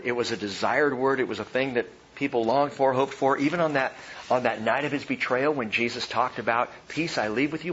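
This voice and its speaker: A man preaching a sermon, animated, swinging from loud emphatic lines to soft hushed ones. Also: mid-range voice, dull audio, a little hiss or hum. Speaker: pastor.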